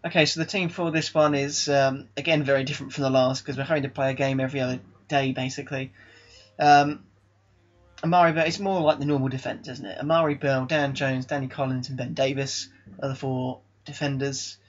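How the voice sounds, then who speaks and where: A gaming YouTuber commentates live on his own football video game session, lurching from excited, exasperated disbelief to calmly running through his team. His voice is medium-pitched and brisk, captured on a slightly dull lo-fi mic.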